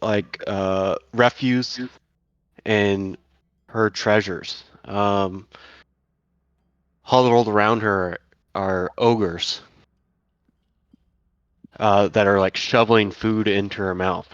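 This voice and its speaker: A man's voice: on the low side, fairly even intonation, drawn-out words, long pauses, clear, resonant tone, no room sound, highs cut off. A man narrating a tabletop game as dungeon master, hesitant with many fillers.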